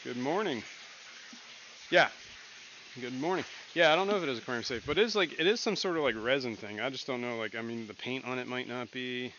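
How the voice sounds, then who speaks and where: A man's voice: medium pitch, fairly quick, sharp tone. A man chatting casually on a home livestream in his fish room, rambling with lots of fillers. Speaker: livestream co-host. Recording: dull lo-fi stream audio with room noise.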